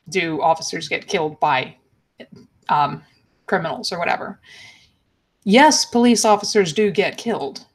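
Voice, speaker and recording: A woman giving unscripted live-stream commentary, thinking aloud with restarts and getting heated and emphatic. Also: medium pitch.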